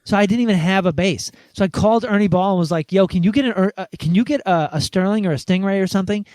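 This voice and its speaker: A man guest on a podcast, telling a story in a casual, animated way and acting out the quoted conversations. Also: high voice, fast, dry recording.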